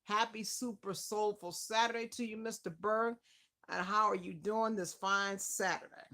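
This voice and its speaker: Speaking at a moderate pace with a medium pitch and fairly even intonation, a woman hosts a casual live stream interview from home. She's effusive and warm as she waits to start, naming her regular viewers one by one.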